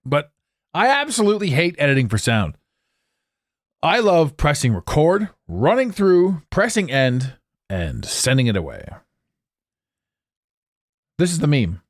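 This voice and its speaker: A man hosting a solo podcast, rambling in a jokey, animated way into a close microphone. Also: on the high side, unhurried, pauses often, no room sound. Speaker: podcast host. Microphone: close studio mic.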